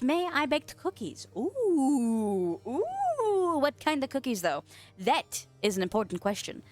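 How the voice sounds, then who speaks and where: A young woman streamer chatting casually with her viewers, playful and giggly, swearing freely and yelping in a squeaky voice. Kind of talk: casual chat reading viewer messages. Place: home office.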